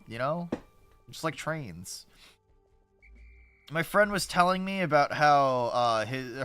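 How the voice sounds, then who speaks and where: A man's voice: mid-range voice, pushed and bright. A male streamer giving casual, rambling gameplay commentary, sarcastic and swearing often.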